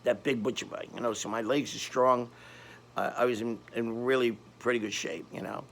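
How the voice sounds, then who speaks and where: Older Brooklyn guy with a gravelly edge, spinning a tough-neighborhood yarn, loose and rambling. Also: mid-range voice, normal speed. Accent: Brooklyn New York. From Brooklyn, New York. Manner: rambling, animated street-tough storytelling with frequent restarts. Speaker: storyteller. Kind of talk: casual storytelling.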